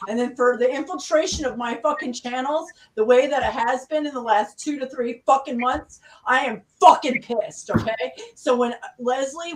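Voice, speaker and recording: A woman's voice: high-pitched, far from the mic, slight background noise, poor audio. A woman hosting a heated online group chat, swearing constantly as she vents over a video call. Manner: swears constantly in an angry rant. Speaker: channel host in a group live chat.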